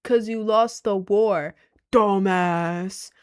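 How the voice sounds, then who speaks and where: A woman's voice: mid-range voice, a little slow. A young woman streaming and reading her chat, giggly and rambling, full of slang and self-conscious asides. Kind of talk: casual live-stream chat.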